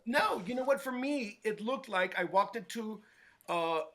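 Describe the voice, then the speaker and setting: A middle-aged man telling stories from his life in a casual interview, animated and acting out quoted voices, often checking in with "right?". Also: high voice, normal speed. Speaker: guest, hair stylist.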